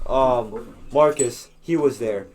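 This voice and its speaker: A man's voice: mid-range voice, slow, a little mellow. A young man on a podcast, telling a rambling school story in casual chat, swearing freely and full of fillers and restarts. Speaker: podcast co-host.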